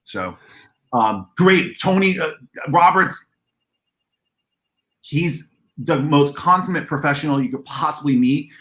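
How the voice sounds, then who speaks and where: Excitable man telling stories in an echoey room. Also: on the high side. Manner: excitable, acts out dialogue in a raised voice. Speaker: convention organizer guest. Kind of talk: animated storytelling on a livestream.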